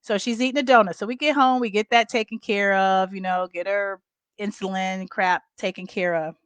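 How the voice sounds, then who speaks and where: A woman's voice: mid-range voice, fairly even intonation, normal speed, smooth, no echo. A middle-aged woman caregiver candidly telling viewers a personal story in a casual vlog. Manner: candid, conversational, addresses viewers as y'all. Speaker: family caregiver.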